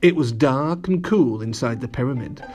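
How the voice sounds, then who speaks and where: Lively man reading to children. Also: medium pitch, normal speed, soft background music. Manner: lively, addressing children directly. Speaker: storyteller.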